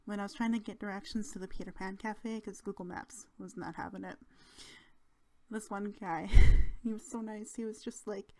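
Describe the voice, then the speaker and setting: A young woman talks through her trip in a relaxed, rambling way. She giggles often and leans on fillers, and her voice sits at a middle pitch for a woman. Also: normal speed. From Canada. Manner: chatty and giggly, with many fillers. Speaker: channel host. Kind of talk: casual travel storytelling.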